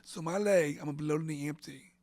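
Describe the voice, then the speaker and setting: As an interview guest, a middle-aged man from central Florida rambles through an emotional story, often saying "and all of a sudden" and sometimes dropping almost to a whisper. He speaks fairly quickly in a slightly high, somewhat mellow voice, with no room sound.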